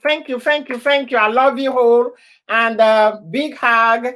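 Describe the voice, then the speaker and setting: A woman hosting a casual live stream, laughing often and heartily as she chats and repeats her warm goodbyes and thank-yous. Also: fairly high pitch, steady tone, unhurried.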